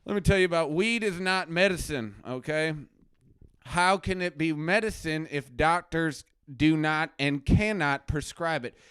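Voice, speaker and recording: A man playing a blustering, paranoid male anti-drug crusader doctor who hosts a live stream from his basement, ranting between mutters and shouts. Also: on the high side, unhurried, smooth, no room sound. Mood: outraged. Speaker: comedy show host. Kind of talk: satirical character live stream. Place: home basement.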